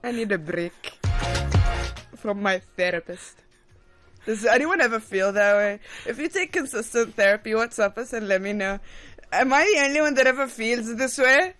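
A woman co-hosting a radio show in casual chat, playful and quick to laugh, with bursts of mock indignation. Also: a little high, a bit bright, no echo, faint music behind. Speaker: radio co-host.

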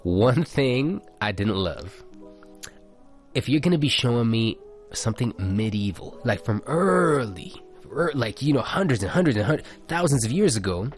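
A man's voice: fairly low pitch, big pitch swings, moderate pace, faint music behind. A man co-hosting a casual podcast chat, joking and reading out listener messages. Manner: laid-back, joking, reads out listener messages. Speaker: podcast co-host.

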